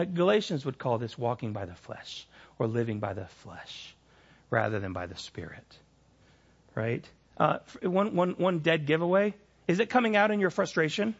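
A man's voice: fairly high pitch, muffled recording. A middle-aged man preaching a sermon, telling personal stories candidly with frequent restarts and repeated phrases. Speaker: pastor.

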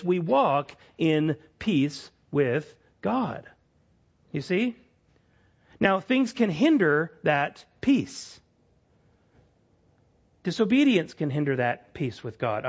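A man preaching a sermon in an earnest way, pressing hard on his key points and dropping soft when he acts out an apology. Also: on the high side, breathy edge, lo-fi sound. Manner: earnest, rising to emphatic peaks, drops soft for quoted apologies. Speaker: pastor.

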